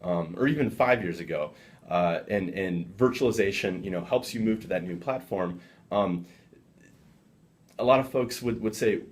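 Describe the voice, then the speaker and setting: A man interviewed as a software director, explaining at length in a measured way with frequent fillers. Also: deep voice. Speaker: guest, software development director. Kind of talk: business interview.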